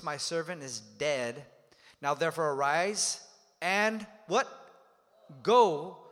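A man preaching a sermon as pastor, emphatic and dynamic, calling on the congregation to repeat phrases. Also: fairly high pitch. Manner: dynamic preaching with swings in loudness. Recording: long hall reverb.

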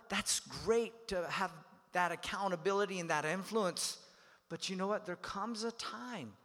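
A man preaching a sermon as pastor, emphatic and dynamic, calling on the congregation to repeat phrases. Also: high voice. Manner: dynamic preaching with swings in loudness. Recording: long hall reverb.

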